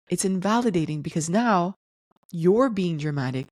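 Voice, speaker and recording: A woman hosting a solo podcast, explaining things in a calm, teaching tone. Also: on the low side, moderate pace, no echo, studio quality. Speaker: podcast host.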